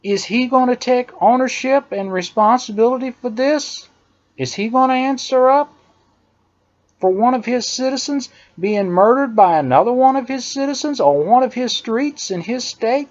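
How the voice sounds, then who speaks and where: A man's voice: very high voice, lively intonation, normal speed. A man delivering an emphatic, indignant opinion monologue, hammering his points by repeating phrases. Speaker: political commentator. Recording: dull lo-fi recording.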